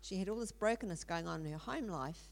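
A middle-aged woman preaching in an earnest storytelling way. Her voice sits a little low and has a gravelly edge. She pauses often with ums and restarts her sentences. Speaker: speaker in a church teaching series. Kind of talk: sermon storytelling.

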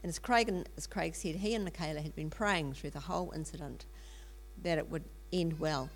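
A middle-aged woman preaching in an earnest storytelling way. Her voice sits a little low and has a gravelly edge. She pauses often with ums and restarts her sentences. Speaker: speaker in a church teaching series. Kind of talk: sermon storytelling.

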